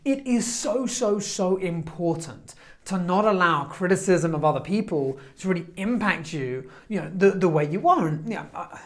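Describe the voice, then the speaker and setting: Male motivational speaker, lively storyteller, quick delivery, acts out quotes. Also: sits high.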